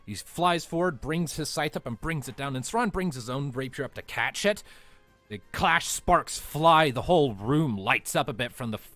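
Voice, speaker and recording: A man's voice: medium pitch, animated, normal speed, a bit bright, no room sound, faint music behind. A man narrating a tabletop game as game master, in loose, hedging phrasing full of "sort of" and "like".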